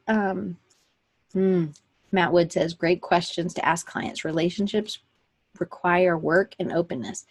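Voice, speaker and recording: A woman's voice: on the low side, fairly even intonation, a little slow. A woman hosting a weekly online session for creatives, chatting casually and rambling with fillers and self-corrections into a computer microphone. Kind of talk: casual live-stream talk.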